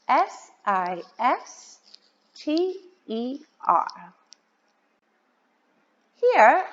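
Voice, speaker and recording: A woman teaching a children's vocabulary lesson, spelling words out letter by letter in a slow, sing-song way. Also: fairly high pitch. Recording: dull lo-fi sound with long reverb.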